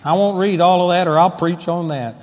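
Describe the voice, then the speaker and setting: A man preaching a sermon in a church hall, animated, moving from loud exclamations to quiet asides. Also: sits high, brisk. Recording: long hall reverb.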